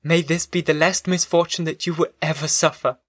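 A man voicing a resigned, gentle young woman prisoner in an audiobook, reading her lines softly and pleadingly. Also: on the high side, normal speed, no echo, clean studio sound, close to an everyday voice. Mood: tender.

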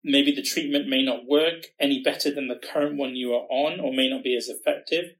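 A man co-hosting a podcast, talking in a halting way that repeats words as he gathers his thoughts. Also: mid-range voice, steady tone, a bit bright, rough recording. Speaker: podcast co-host working in research. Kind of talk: podcast conversation.

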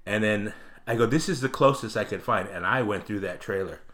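Man, comedian, bright voice, animated, swears a lot, acts out people in his story. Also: lowish voice, fairly quick. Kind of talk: casual storytelling.

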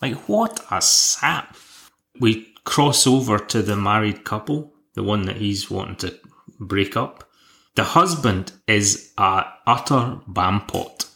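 Guy hosting a podcast, slow and gravelly, dry wry recap. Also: fairly low pitch, bright, forceful tone. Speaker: podcast host. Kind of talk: casual episode review.

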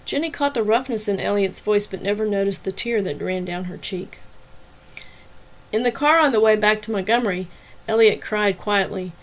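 A woman reads a novel chapter aloud in even, measured storytelling. Her pitch sits in the middle range for a woman. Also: poor audio. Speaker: audiobook narrator and podcast host. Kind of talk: scripted novel reading.

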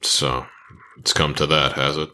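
A man's voice: very deep voice, flat delivery, unhurried, sharp tone, exaggerated voice. A man voicing Cavalon, a grave, loyal old male wanderer in an audio drama, speaking earnestly and solemnly.

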